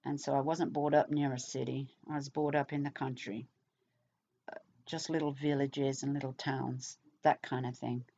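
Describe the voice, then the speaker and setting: A middle-aged woman from England, with an English accent, vlogs casually to camera in a rambling style packed with fillers. Her voice is extremely low and mellow with little pitch movement, at a moderate pace. The dull lo-fi recording carries a little hiss or hum.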